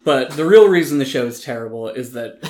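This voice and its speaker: A man talks through a TV show he disliked on a casual podcast, opinionated and animated. He fills gaps with ums and restarts his sentences. His voice sits at an ordinary middle pitch. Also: a little fast. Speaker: podcast co-host reviewing films and TV. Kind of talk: casual chat.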